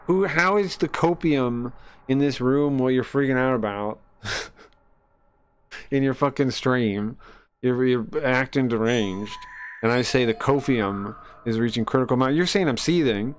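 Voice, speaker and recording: Profane, indignant male streamer. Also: medium pitch. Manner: profane, indignant, laughs mid-sentence. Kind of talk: casual rant while gaming.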